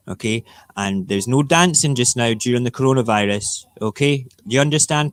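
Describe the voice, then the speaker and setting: A man's voice: on the low side, moderate pace, no echo. A man hosting a casual morning talk show, ranting and rambling in an opinionated way. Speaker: radio show host.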